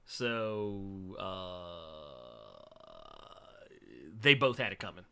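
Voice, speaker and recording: Giggly, bright-voiced man hosting a livestream. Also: low-pitched, drawn-out words. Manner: keeps breaking into laughter and apologizing; laid-back, slangy banter with viewers. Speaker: livestream host. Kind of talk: casual livestream chat.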